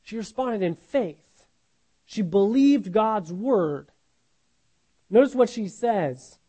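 A man's voice: high-pitched, expressive, slow pace, dark tone, slightly rough, low-quality recording. A man preaching a Bible sermon in an earnest, questioning way, often restarting words and asking "right?".

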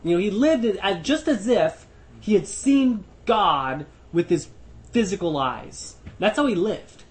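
A man leading a Bible study discussion, thinking aloud with frequent restarts and slow emphasis on key words. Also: sits high, animated. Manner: thoughtful, restarts often, stresses words slowly. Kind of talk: teaching discussion.

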